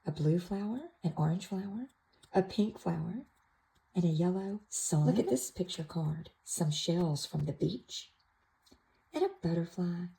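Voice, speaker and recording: A woman gently showing an activity book to toddlers, naming pictures in a soft, sing-song way. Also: lowish voice, a little slow, gravelly, a little hiss or hum, poor audio. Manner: soft, sing-song, with playful animal sounds. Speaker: toddler class teacher. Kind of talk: slow, gentle show-and-tell for toddlers.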